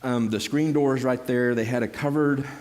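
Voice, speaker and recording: A middle-aged man shares his testimony with a congregation. He tells it in an animated way, stumbling over restarts and repeated words, with a voice in the middle of the male range. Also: mid-range voice, moderate pace. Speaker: church member giving a testimony.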